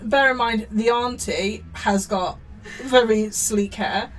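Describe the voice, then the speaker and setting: A woman's voice: on the high side, slow pace, soft background music, poor audio. A woman co-hosting a podcast, chiming in with dry, jokey remarks. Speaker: podcast co-host. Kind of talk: casual chat.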